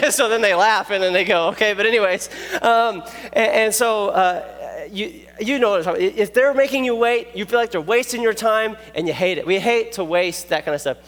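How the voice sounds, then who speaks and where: A man preaching a youth sermon, animated and jokey, telling stories and checking in with the listeners. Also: sits high. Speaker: youth pastor. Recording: long echoey hall reverb.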